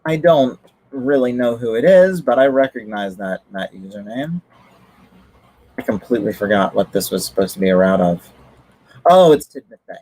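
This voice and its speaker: A man's voice: lowish voice, normal speed, a little mellow, poor audio. A man chatting casually on a livestream, rambling with lots of fillers and restarts. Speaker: streamer.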